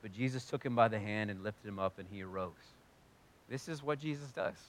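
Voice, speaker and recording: A man preaching a sermon in an animated way, swinging from loud, emphatic lines to quiet, low ones. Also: fairly quick. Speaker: pastor.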